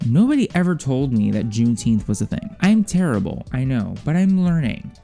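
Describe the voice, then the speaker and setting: A young man chatting casually in a vlog, swearing freely, with quick asides and acted-out quotes. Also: mid-range voice, sing-song, gravelly, dark tone, faint music behind. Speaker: vlogger. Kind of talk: casual shelf-tour vlog.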